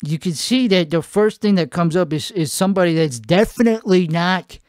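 A man with a put-on Italian-American accent rambles through a profane, self-mocking comedy monologue. His pitch swings up and down a lot. The sound is close and dry. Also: lively intonation, a little fast, darkish tone, clean tone, dry recording. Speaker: comedy show host. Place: home at night.

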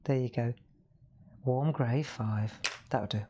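A woman's voice: extremely low pitch, slow pace, noisy background. A woman hosting a live coloring demonstration, chatting and asking viewers questions as she works. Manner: chatty, asks viewers questions, laughs often. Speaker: craft show host.

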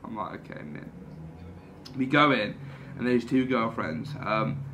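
Bright-voiced young man telling stories. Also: medium pitch, a little slow, a little hiss or hum. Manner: animated, swearing, laughing through anecdotes. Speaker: podcast guest. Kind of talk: casual storytelling.

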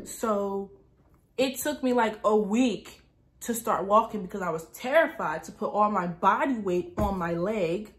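A young woman vlogger telling a personal story in a casual, animated way, full of asides. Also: mid-range voice, unhurried. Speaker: lifestyle vlogger.

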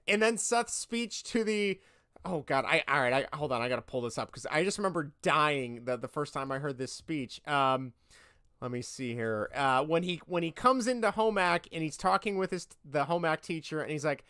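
A man co-hosting a podcast in casual chat, retelling movie scenes in a rambling, animated way and thinking aloud as he looks things up. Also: on the high side, moderate pace, clean tone, dry recording, studio quality. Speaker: podcast co-host.

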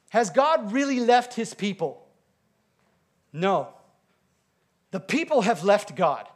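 A man preaching a sermon as pastor, emphatic, with loud declarations. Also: sits high, very animated, slow pace, long pauses. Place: church sanctuary.

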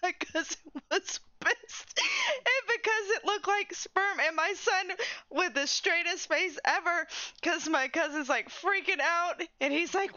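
A woman's voice: very high-pitched, sing-song, a little slow, sharp tone, dry recording. A woman live streamer telling a funny story in casual chat, often laughing mid-sentence, on a dull lo-fi stream mic.

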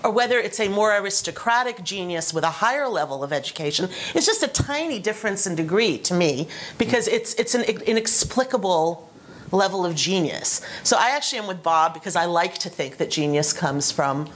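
A woman's voice: on the low side, expressive, fairly quick, a bit bright. A woman speaking as a panelist at a roundtable discussion, talking animatedly and eager to jump in.

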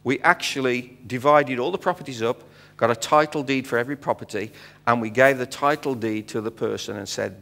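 British man, middle-aged missionary guest preacher; animated storyteller, mid-range voice, recorded in a reverberant sanctuary. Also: mid-range voice, a little fast, vocal fry. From Britain. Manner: animated storyteller acting out dialogue, frequent fillers. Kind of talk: storytelling sermon. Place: church sanctuary. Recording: long hall reverb.

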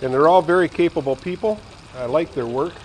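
A man's voice: a little high, a little fast, a little mellow, a little hiss or hum, poor audio. A retired man in his sixties chatting casually and rambling to viewers while he cooks in his home kitchen. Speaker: vlogger. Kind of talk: casual home cooking vlog.

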